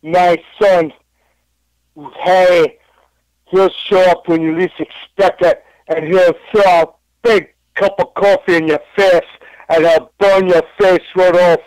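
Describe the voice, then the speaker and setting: A man's voice: sits high, flat delivery, slow pace, a little mellow, dry recording, voice pushed up, poor audio. A man impersonating an angry, protective father and male wrestler cutting a threatening promo. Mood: menacing. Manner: threatening, declamatory promo delivery.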